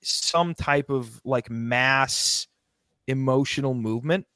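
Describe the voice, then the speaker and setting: A man's voice: mid-range voice, slow, pushed and bright, dry recording, studio quality. A man co-hosting a podcast, talking bluntly and crudely in loose, rambling sentences. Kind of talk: casual podcast chat.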